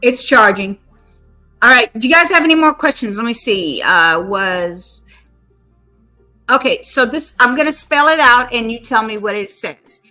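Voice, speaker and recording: A woman streamer chats casually with an AI assistant, her voice pitched fairly high and bright. She talks at an unhurried pace and slowly spells out words one letter at a time. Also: lively intonation, soft background music. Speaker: live streamer.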